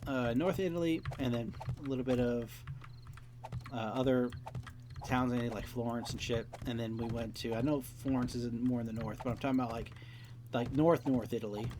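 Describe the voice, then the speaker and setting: A man's voice: mid-range voice, steady tone, brisk, a little mellow, a little hiss or hum. A young man hosting a game let's play, rambling casually, swearing often and acting out quoted dialogue. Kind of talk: casual rambling commentary while playing.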